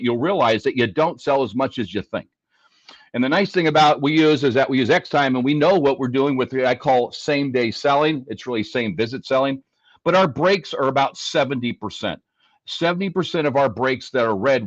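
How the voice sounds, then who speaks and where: A man's voice: medium pitch, no echo. Man on a dull, dry line. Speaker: dealership fixed ops leader. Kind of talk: panel discussion.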